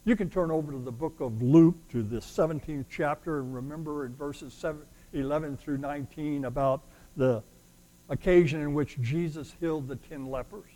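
A man preaching a sermon as a pastor, pressing his points with loud declarations and then dropping to quiet asides. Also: fairly high pitch, normal speed, low-quality recording.

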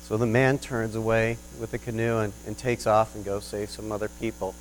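A man's voice: lowish voice, brisk, hardly any pauses, slight background noise, poor audio. A man preaching a sermon as pastor, telling an illustration story in an earnest, rising and falling manner. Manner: earnest storytelling with lively swells.

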